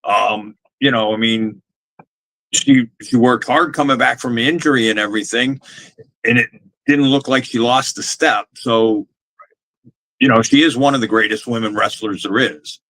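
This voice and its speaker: A man's voice: mid-range voice, fairly even intonation, normal speed, pushed and bright, rough recording. A man co-hosting a wrestling podcast, talking loosely with many fillers. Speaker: podcast co-host. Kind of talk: casual wrestling talk.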